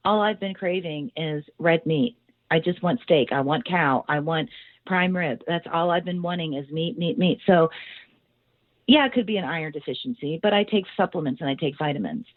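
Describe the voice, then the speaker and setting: A woman's voice: on the low side, normal speed, no room sound. Woman on a tinny phone line. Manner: rambling and animated, with many fillers. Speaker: owner of a haunted house, interview guest. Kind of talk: casual storytelling.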